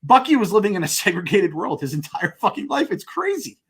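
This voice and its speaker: Guy co-hosting a podcast, kinda high voice, rambly and hyped, swears a lot. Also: a little fast, husky. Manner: excitable, swearing, rambling with many fillers. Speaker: podcast co-host. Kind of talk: casual chat.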